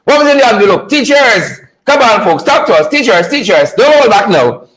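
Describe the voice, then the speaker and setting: High-voiced playful man hosting a livestream. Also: sing-song, brisk, a bit bright, poor audio. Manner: playful, teasing, repetitive, laughs often. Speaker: online show host. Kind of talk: casual live-stream talk.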